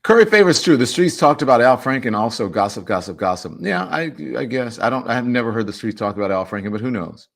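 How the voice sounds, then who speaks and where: Speaking fast and barely pausing, a man with a rather low-pitched voice runs a livestream talk show and reads comments from his audience. He's emphatic and animated, with teasing little asides mixed in.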